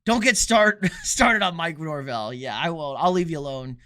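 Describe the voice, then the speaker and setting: Bright high-voiced man hosting a sports stream. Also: lively intonation. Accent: Texan. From Texas. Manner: blunt, joking, opinionated, quick asides. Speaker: sports livestream host. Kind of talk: casual livestream chat reading comments.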